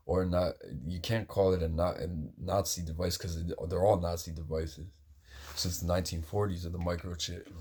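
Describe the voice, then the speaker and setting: A man's voice: low voice, breathy edge. A man talking in a casual, rambling monologue, agitated and heavy on profanity.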